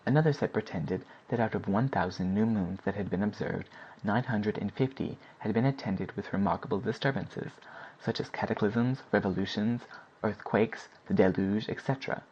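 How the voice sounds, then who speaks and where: A man narrating a classic novel as an audiobook in a steady, even reading. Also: on the low side, moderate pace, slightly rough. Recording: dull lo-fi recording.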